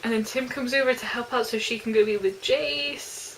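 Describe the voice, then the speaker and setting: A woman chatting casually about a novel she loved, excitable and gushing, exclaiming at the characters. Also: on the high side, normal speed, slight background noise, poor audio. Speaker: book reviewer. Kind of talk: casual book review chat.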